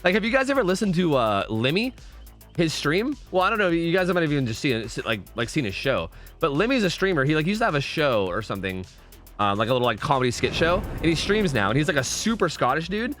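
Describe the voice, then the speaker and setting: A man's voice: a little high, big pitch swings, fast talker, a bit bright, faint music behind. A young man streaming a game, talking casually and rambling with his viewers, swearing freely.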